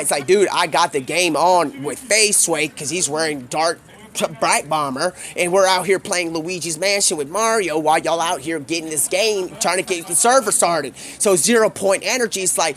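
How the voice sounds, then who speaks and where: A man streaming live, rambling through an improvised story full of slang and quick voice switches for the people he quotes. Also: a little high, a bit bright. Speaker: streamer telling a made-up story. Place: home streaming setup.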